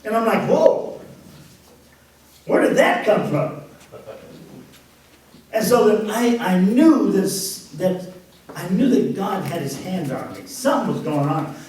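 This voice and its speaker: A man's voice: sits high, animated, moderate pace, a little mellow, a little hiss or hum. A pastor telling his personal testimony, a man recounting the story with laughs between phrases. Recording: very echoey, distant microphone.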